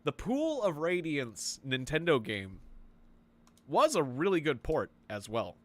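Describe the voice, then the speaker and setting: Rambling, lively male game streamer. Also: fairly high pitch, slow pace. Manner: rambling, excitable, swears and laughs at the game. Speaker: gaming video host. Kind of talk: casual let's-play commentary.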